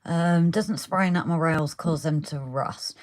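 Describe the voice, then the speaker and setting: A woman's voice: sits low, slow. A woman hosting a casual live stream as she works on a model railway, chatting and reading viewer comments aloud. She is losing her voice. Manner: chatty, talks while working, reads out viewer comments. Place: indoors at a model railway layout.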